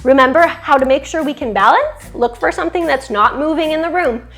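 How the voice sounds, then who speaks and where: A woman's voice: sits high, animated, a little fast, a bit bright, soft background music. Cheerful woman leading a kids yoga class. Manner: cheerful, encouraging, sings short chants and makes animal and siren sounds. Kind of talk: children's yoga class with sing-along.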